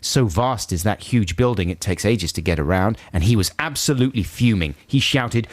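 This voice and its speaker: A man co-hosts a comic radio show and reads listener emails aloud, playing up the funny quotes. His pitch moves around a lot and the studio sound is dry and close. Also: expressive, moderate pace, hardly any pauses, no room sound. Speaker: radio co-host.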